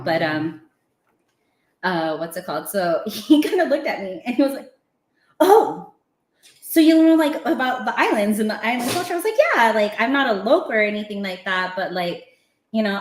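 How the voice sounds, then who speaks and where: A woman's voice: medium pitch, echoey room. A woman telling a story in casual chat, laughing often and acting out what people said. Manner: animated, laughing, acting out quotes. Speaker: podcast guest.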